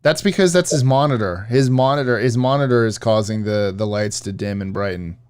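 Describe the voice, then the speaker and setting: A man's voice: fairly low pitch, brisk, a little mellow, clear, resonant tone. A man co-hosting a casual live stream, rambling and correcting himself as he answers chat.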